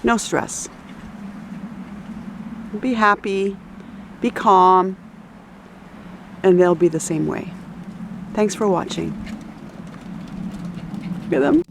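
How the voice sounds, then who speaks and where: A woman's voice: medium pitch, slow, creaky, pauses often, background noise. A woman dog breeder narrating a casual outdoor video beside a pond, chatty and coaxing as she calls to the dogs.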